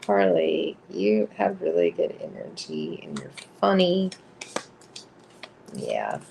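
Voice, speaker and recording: Gravelly, giggly woman chatting slowly. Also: low-pitched, huge pitch swings, a little mellow, a little hiss or hum. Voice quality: husky. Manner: giggly, laughs often between sentences; chatty and rambling, full of filler words. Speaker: live-stream card reader. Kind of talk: casual live-stream chat with viewers.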